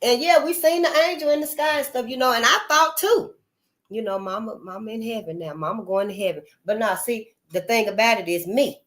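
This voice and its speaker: A woman's voice: a little high, fairly quick, a bit bright. A woman hosting her channel, talking straight to her viewers in a casual, emphatic, folksy way and calling them honey and y'all. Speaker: channel host. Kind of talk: casual spoken monologue to viewers.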